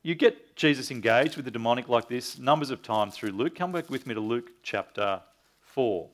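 A man's voice: medium pitch, lively intonation, normal speed, fairly bright tone. A man preaching a sermon in an earnest teaching tone, reading scripture aloud and asking his listeners questions. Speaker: pastor.

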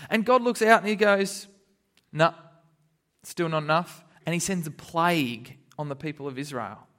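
A man giving a lively Bible lesson to children, laughing often and acting out the characters. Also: high voice. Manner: animated, laughing, acts out characters. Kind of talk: lively kids' sermon.

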